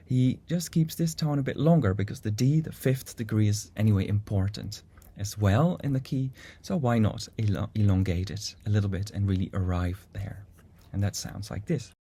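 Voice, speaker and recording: Calm male instructor, mellow husky tone, steady explanatory delivery. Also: fairly low pitch. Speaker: music teacher. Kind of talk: instructional video lesson.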